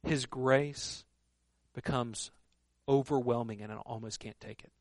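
A man preaching a sermon in an earnest, emphatic way, often dropping to a hushed voice for stress. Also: mid-range voice, steady tone, unhurried, no room sound, studio quality. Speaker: pastor.

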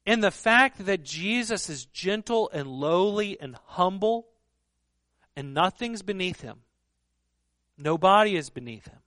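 A man preaching a sermon in an earnest, emphatic way, often dropping to a hushed voice for stress. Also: sits high, expressive, a little slow, no room sound, clean studio sound. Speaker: pastor.

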